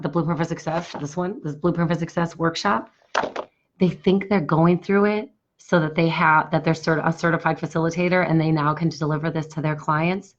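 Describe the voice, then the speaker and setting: A woman coach with a hoarse, husky voice, talking enthusiastically to her live stream viewers and pitching her workshop with repeated phrases. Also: dull audio. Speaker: business coach.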